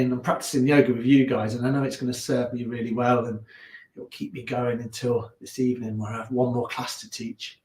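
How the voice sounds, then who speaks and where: Calm Leicester man guiding yoga. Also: medium pitch. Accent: Leicester English. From England. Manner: calm, unhurried cues with chatty asides. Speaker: yoga teacher. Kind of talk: guiding a gentle yoga class. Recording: echoey room.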